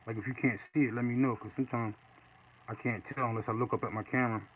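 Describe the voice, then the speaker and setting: A man casually chatting while he draws live, reading and answering viewer comments in a relaxed way. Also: medium pitch, fast talker. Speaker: artist streaming live. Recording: dull lo-fi with faint noise.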